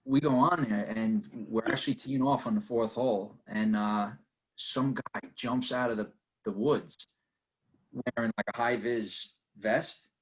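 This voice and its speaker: New York guy, average pitch, relaxed storyteller who acts out the lines. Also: measured pace. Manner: laughing anecdotes, acting out quoted voices. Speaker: guest. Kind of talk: casual storytelling.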